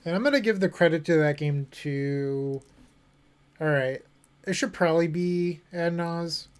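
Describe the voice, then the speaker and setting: A man with a slightly higher voice talks through his card game as he plays. He thinks aloud and jokes with his chat in an easy, casual way. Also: measured pace, smooth. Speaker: streamer playing a card game. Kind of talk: casual commentary while playing.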